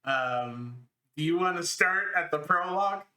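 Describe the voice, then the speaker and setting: Slow, bright-voiced man reading aloud. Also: fairly high pitch, animated. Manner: laughing through a crude novel reading. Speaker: podcast co-host. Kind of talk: comedic dramatic reading.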